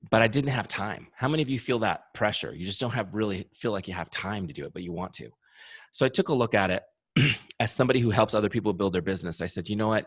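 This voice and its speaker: In an upbeat training webinar, a software company's founder talks with enthusiasm and keeps restating his main points. He has a low-pitched, early-morning voice, and the recording is dry.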